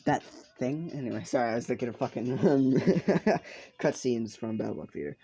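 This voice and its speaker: A casual storyteller spins a fan story off the cuff, rambling through likes and you-knows and swearing freely. The voice sits in a middling pitch. Faint game music plays underneath. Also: normal speed, dark tone, husky, rough recording. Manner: rambling, swears a lot, many fillers. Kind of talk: improvised fan-fiction narration. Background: faint video game music.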